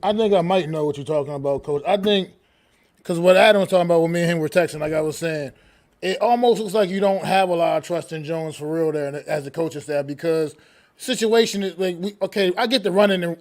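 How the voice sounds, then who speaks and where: Male sports panelist, high voice, measured and explanatory. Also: a little mellow. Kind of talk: sports talk.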